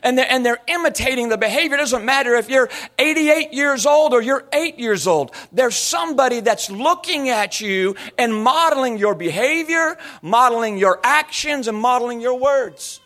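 Guy preaching, kinda high voice, chatty story-heavy sermon, does little voices n accents. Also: lively intonation, normal speed, hardly any pauses, sharp tone. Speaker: pastor.

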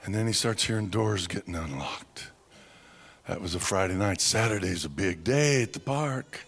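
A man preaching by telling a dramatic story, slow and vivid, acting out sounds and voices. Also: deep voice, creaky, fairly bright tone, husky. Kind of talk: storytelling sermon.

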